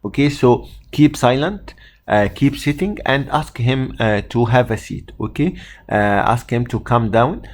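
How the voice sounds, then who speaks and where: Man, Egyptian accent, Arabic native speaker, exam tutor, hesitant delivery, lots of fillers, mid-pitched voice. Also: expressive, unhurried. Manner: hesitant, many fillers and restarts. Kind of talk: spoken lesson.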